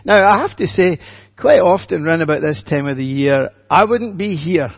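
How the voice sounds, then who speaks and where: Older minister chatting to the kids in church, husky voice, kinda dull lo-fi sound. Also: male voice, on the high side. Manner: gentle, chatty storytelling with gentle humour. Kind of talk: children's talk in church.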